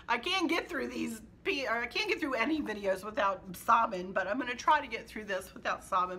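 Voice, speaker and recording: A woman's voice: on the high side, lively intonation, normal speed, bright, forceful tone, slight background noise. A woman hosting her home decor channel, chatting casually and emotionally to viewers and laughing often.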